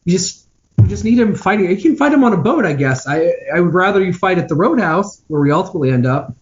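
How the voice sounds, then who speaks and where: A man co-hosting a podcast, ranting about a film in an animated, exasperated way during casual chat. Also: sits high, quick pace. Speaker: podcast co-host. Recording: dull lo-fi sound.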